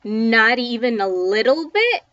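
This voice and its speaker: A woman voicing a menacing male pirate ghost who speaks in slow, booming threats, recorded dull and a little distant from the mic. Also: big pitch swings, a bit bright, no room sound.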